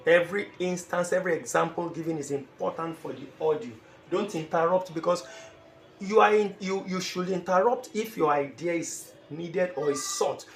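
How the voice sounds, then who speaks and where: A man teaching an exam-preparation lesson. He speaks emphatically and repeats phrases, sometimes acting out short dialogues. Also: on the high side. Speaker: IELTS teacher. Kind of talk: classroom-style lecture. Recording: echoey room with faint ambient noise.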